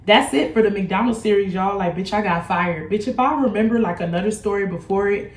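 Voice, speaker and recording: A woman's voice: medium pitch, brisk. Blunt, profane young woman in echoey room. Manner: blunt, profane, animated storytelling. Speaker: beauty vlogger. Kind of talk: casual storytime vlog.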